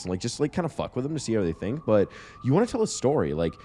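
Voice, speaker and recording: A man co-hosting a podcast, telling stories casually with lots of profanity and animated asides. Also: mid-range voice, very fast, hardly any pauses, a little hiss or hum. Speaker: podcast co-host. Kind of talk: casual chat.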